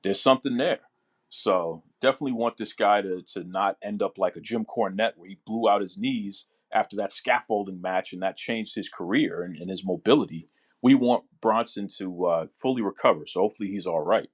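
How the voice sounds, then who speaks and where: A man's voice: fairly low pitch, a little fast. A man hosting a wrestling podcast, talking eagerly as a fan and often restarting his words. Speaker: podcast host. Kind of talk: casual podcast chat.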